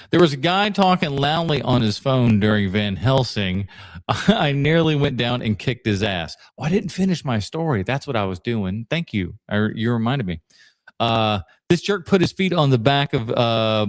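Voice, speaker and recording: A man hosting a podcast, chatting casually and telling long rambling stories with fillers and laughs along the way. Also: mid-range voice. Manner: rambling storyteller, laughs mid-story, many fillers. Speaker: podcast host.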